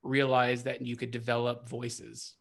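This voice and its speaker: A man's voice: mid-range voice, completely flat delivery, a little slow, creaky. A man hosting a podcast, chatting enthusiastically and laughing a lot with his guest. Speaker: podcast host. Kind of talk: casual interview chat.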